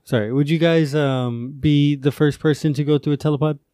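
A man's voice: a little high, steady tone, moderate pace, warm tone, dry recording, clean studio sound. A man on a podcast, joking around and asking questions in a casual film chat.

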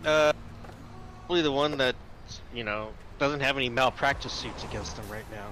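A man's voice: medium pitch, normal speed, sharp tone, faint music behind, low-quality recording. A man playing a tabletop role-playing game, talking casually with dry jokes. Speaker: player.

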